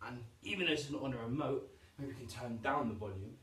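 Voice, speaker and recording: A man's voice: mid-range voice, quick pace, a bit bright, a little hiss or hum. Upbeat man teaching a kids' PE class. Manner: upbeat, encouraging, demonstrating moves while talking. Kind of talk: home PE lesson for young children. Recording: roomy echo, voice from a distance.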